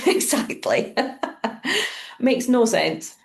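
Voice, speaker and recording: A woman's voice: high voice, big pitch swings, extremely slow, gravelly. A woman from Scotland with a Scottish accent, a guest in a casual podcast chat, asking questions and laughing easily.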